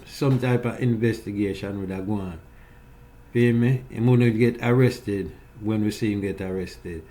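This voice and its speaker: Low, dark-voiced Jamaican man. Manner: keeps asking "feel me?", patois-heavy and conversational. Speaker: vlogger host commenting on clips. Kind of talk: casual commentary.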